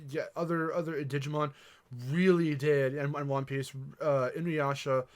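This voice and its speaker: A man hosting a podcast in casual chat, relaxed and quick to laugh, with many fillers. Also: a little high, a crowd in the background. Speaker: podcast host.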